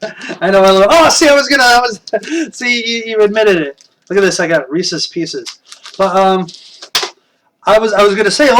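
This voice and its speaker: A man's voice: high-pitched, moderate pace, fairly bright tone, slight background noise. A middle-aged man hosting a live stream, rambling casually and chuckling while answering viewer comments. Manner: rambling, chuckles often, talks to chat.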